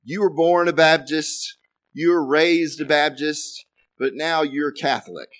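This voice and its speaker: A man's voice: fairly high pitch, measured pace, fairly bright tone. A man as a solemn intoning bishop. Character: solemn male bishop giving a blessing.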